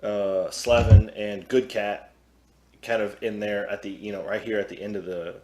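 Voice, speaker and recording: A man with a lowish voice muses about a film, pausing often on fillers as he hunts for words. The sound carries a noticeable room echo. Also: steady tone, mellow. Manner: hesitant, filler-heavy musing. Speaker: podcast co-host. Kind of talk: casual chat. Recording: echoey room.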